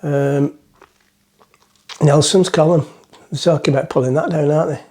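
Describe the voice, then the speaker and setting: A man's voice: a little high, fairly even intonation, moderate pace, darkish tone. A middle-aged man, rambling through a joke as he talks to the camera from the front of a boat. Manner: rambling, self-mocking, chatty. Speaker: vlogger. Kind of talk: casual chat to camera, joke-telling.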